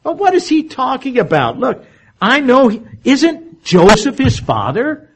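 A man voicing a skeptical, grumbling adult townsman who scoffs in incredulous questions, with a husky voice. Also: very high-pitched, huge pitch swings, measured pace, voice pushed up, exaggerated voice.

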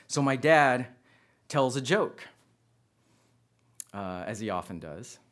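Man, preacher, conversational sermon, storytelling, repeats himself, mid pitch. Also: expressive, takes it slowly, a bit bright.

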